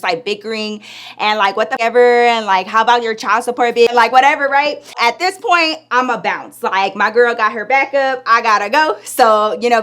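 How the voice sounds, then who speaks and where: A woman casually telling a personal story in a chatty, animated way, full of slang and asides. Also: medium pitch. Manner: chatty, animated, lots of "like" and "girl".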